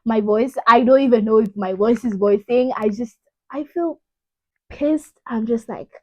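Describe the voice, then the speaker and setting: A woman's voice: on the high side, a little slow, no room sound, muffled recording. A young woman from Kenya, telling a personal story in a rambling, casual way full of "you know". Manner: rambling, lots of "you know", emotional retelling. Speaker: vlogger.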